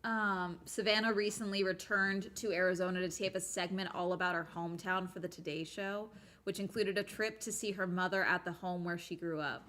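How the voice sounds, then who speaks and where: A young woman chatting casually as she reads articles aloud, thinking out loud and trailing off into filler sounds. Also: fairly low pitch, steady tone, brisk. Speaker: streamer. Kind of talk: casual commentary while reading articles aloud.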